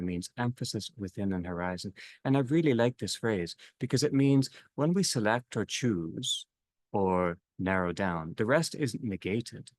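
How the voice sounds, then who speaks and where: A man leading a reflective theological discussion, speaking slowly in halting phrases that trail off softly at their ends. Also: lowish voice, no room sound. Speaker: discussion leader.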